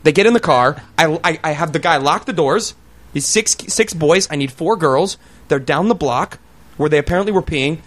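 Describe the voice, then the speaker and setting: Brief: lively male storyteller, foul-mouthed, mimics shrill kids, slightly high pitch. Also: normal speed. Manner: animated, acts out kids in shrill voices, swears freely. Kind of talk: comic storytelling among friends.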